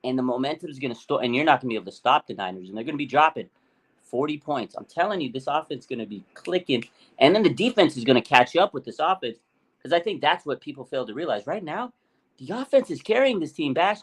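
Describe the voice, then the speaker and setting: A man co-hosting a sports talk show, chatting excitedly and acting out quotes with big swings in his voice. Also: mid-range voice, fast, husky. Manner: animated, hyped, acts out quotes. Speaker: podcast co-host. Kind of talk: excited casual sports chat.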